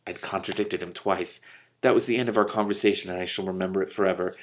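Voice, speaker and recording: A man's voice: deep voice, steady tone, fast. Emotional man reading a novel aloud. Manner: gets emotional and breaks off to react. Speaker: reader and commentator.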